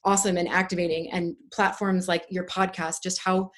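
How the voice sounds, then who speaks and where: A woman speaking as a podcast guest in relaxed conversation. Her voice sits on the low side, and her talk is effusive and earnest. She rambles, restarting her thoughts as she goes. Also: normal speed. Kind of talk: casual conversational interview.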